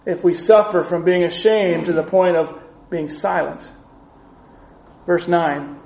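A man preaching a sermon in an earnest, measured teaching manner, reading scripture aloud as he goes. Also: high-pitched, gravelly, a little mellow, reverberant, low-quality recording.

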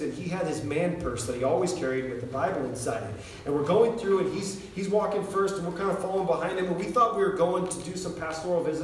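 An American man preaching a sermon, telling a story with lively energy and shouting out the quoted lines. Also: a little high, heavy reverb, recorded from a distance, slight background noise, rough recording. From United States. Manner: animated storyteller, shouts when acting out quotes.

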